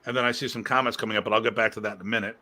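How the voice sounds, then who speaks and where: A man's voice: fairly low pitch, fairly even intonation, rapid-fire, bright, forceful tone, slight background noise. A man hosting a casual live-stream discussion as a martial arts instructor, rambling and emphatic, prone to launching into rants.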